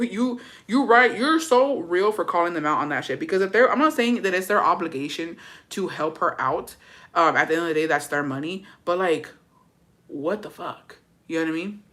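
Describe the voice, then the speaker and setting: A woman, bright-voiced, profane gossip host. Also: lowish voice, moderate pace. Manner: profane, animated, drops Spanish words. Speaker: host reading viewer stories. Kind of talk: casual gossip commentary.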